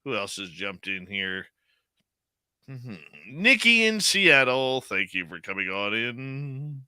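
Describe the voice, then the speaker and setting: A man's voice: mid-range voice, sing-song, slow pace, pushed and bright, smooth, no echo. A man hosting a live radio show, chatting casually and joking as he greets listeners in the chat by name.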